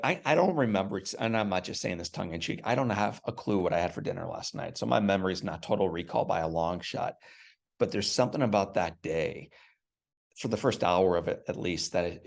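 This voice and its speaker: Man, gravelly, low-pitched, earnest storyteller, interview guest. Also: fairly quick.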